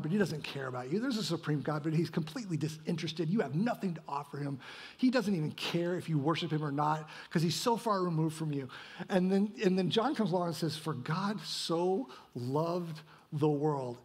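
A man's voice: sits high, slightly rough. A male pastor delivering a sermon, asking rhetorical questions and tagging points with "right?". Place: church sanctuary.

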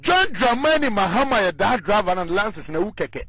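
A man's voice: sits high, sing-song, brisk, bright, forceful tone. A Ghanaian man speaking as a guest on a radio talk show, arguing his political point with passion and mixing Twi with English.

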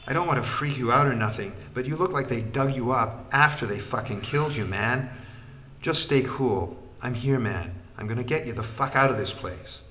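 A man voicing a brash, foul-mouthed male fixer who talks loudly and excitably. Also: medium pitch, normal speed, a little hiss or hum, lightly acted. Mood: agitated. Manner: swearing, loud and excitable.

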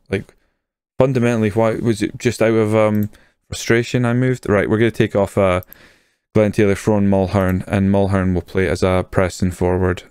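A man's voice: lowish voice, moderate pace, smooth, no echo. A young man, casually commenting on his own football management game and getting worked up over goals. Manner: excitable, swears when a goal goes in. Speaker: gaming YouTuber.

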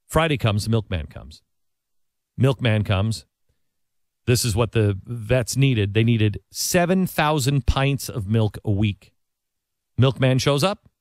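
A man hosting a talk show, telling a story in a conversational monologue with restarts and asides, sometimes dropping his voice low and soft for quoted lines. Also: no room sound, clean studio sound.

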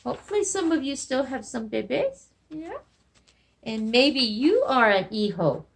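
Slow, lively-voiced woman teaching children. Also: sits high, gravelly, breathy edge. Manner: sing-song, slow, encouraging, repeats words. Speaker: elementary Spanish teacher. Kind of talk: remote lesson for young children.

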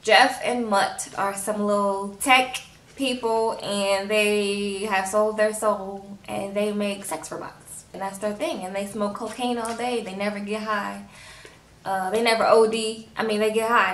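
A chatty woman recaps a TV episode, slipping into the characters' lines as she talks. Her voice sits at an ordinary middle pitch. She is a little distant from the mic, in a room with a noticeable echo. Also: moderate pace, a bit bright. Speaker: TV episode reviewer. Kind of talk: casual recap vlog. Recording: roomy echo, a bit off-mic.

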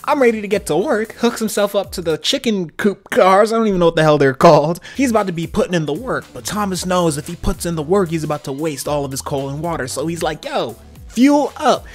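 A man's voice: a little high, fast, hardly any pauses, faint music behind. A young man giving casual, slangy commentary on a cartoon episode, laughing often. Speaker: video commentator.

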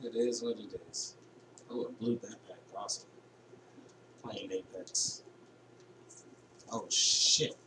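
A man's voice: fairly low pitch, steady tone, takes it slowly, pauses often, echoey room, recorded from a distance, background noise. A man hosting a reaction video, casual and profane, saying dude a lot. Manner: laid-back, profane, says dude a lot.

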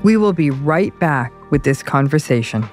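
A woman with an American accent hosting a podcast interview, speaking slowly and deliberately. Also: sits low, expressive, a little mellow, soft background music. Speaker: podcast host. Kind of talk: podcast interview and scripted outro.

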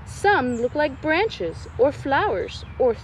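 A young adult woman, a nature educator, reading a rhyming picture book aloud to children at a slow pace. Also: sits high, big pitch swings, slight background noise, poor audio.

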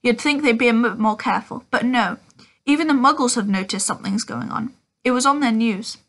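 A woman's voice: on the high side, brisk. McGonagall, a severe, irritable witch read by a woman. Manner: sharp, irritable, clipped. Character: strict older witch professor, severe and impatient.

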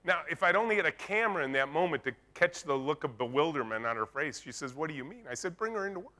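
Guy on a conference stage telling stories, bright forceful voice, acts out the quotes. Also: fairly high pitch, fast talker. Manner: lively storyteller acting out dialogue. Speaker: keynote speaker. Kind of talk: conference keynote storytelling.

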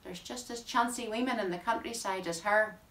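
Taking on the persona of a rueful bachelor farmer going grey, a Northern Irish woman performs a poem in broad rural dialect. Her natural, fairly bright, medium-pitched voice moves a little fast. The mic sits far off, so the room comes through.

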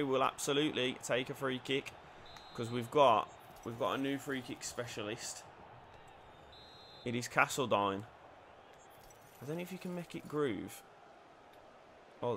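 A young man commentating his own football video game, muttering play-by-play then bursting into loud shouts and cheeky banter. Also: fairly high pitch, a little hiss or hum. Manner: swings from quiet mutters to shouting, swears, banters. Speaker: gaming YouTuber.

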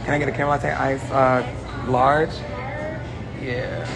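A man vlogging casually from inside a car, joking loudly and cursing as he talks to his viewers. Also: mid-range voice, little pitch movement, measured pace, creaky, over music. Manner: loud, joking, profane banter with the viewers. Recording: car noise in the background.

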